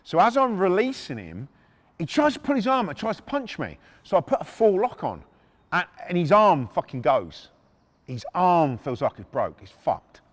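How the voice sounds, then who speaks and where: Middle-aged bloke, blunt, sweary storyteller, pitch sits a bit high and swings widely. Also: male voice, wildly swooping pitch, moderate pace, long reverb tail. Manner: blunt, swears freely, frequent restarts. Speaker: podcast host. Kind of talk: casual true-story telling.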